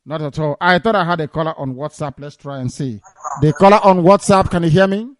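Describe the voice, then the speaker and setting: A man's voice: on the high side, fairly quick, no room sound, clean studio sound. A man hosting a live call-in radio broadcast, talking emphatically and repeating his points. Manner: emphatic, repetitive preaching talk. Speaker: radio show host.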